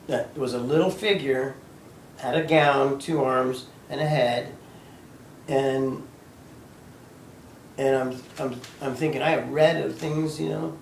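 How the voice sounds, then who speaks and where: Halting, gravelly-voiced man in his fifties. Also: mid-range voice, a little hiss or hum. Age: 50s. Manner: halting, sporadic, with many restarts and fillers. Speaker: storyteller recounting his own near-death experience. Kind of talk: personal testimony, casual spoken storytelling. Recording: echoey room, voice heard from a distance.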